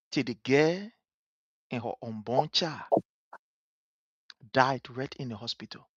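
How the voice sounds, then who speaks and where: A live-stream host with a Liberian English accent talks earnestly, leaning on repeated words. The voice sits in a middle pitch. The sound is dry and slightly muffled. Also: lively intonation, unhurried, no echo. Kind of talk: live-stream talk show commentary.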